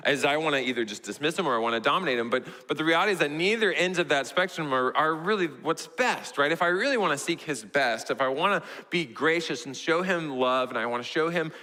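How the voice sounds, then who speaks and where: Young male Texan pastor, bright forceful voice, animated storytelling sermon in a big echoing church. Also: quick pace, hardly any pauses. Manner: storytelling, animated, voices his toddler in a high squeal. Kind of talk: sermon illustration. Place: church sanctuary. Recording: church hall reverb.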